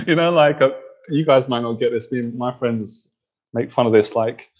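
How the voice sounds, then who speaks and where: A man's voice: mid-range voice, fairly even intonation, measured pace, darkish tone, slightly rough, muffled recording. A man hosting a casual livestream, reading viewer comments and cracking up with laughter, sounding tired. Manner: giggly, keeps cracking up laughing. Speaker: livestream host and coach.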